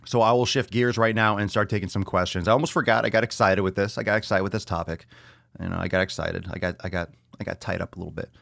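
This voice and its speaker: He speaks in a low, gravelly, fairly bright voice, keeping a steady tone while talking fast. The studio-quality recording has no echo. As a podcast host working alone, he unloads a blunt, sarcastic rant packed with swearing and repeated lines, then fields questions from his audience.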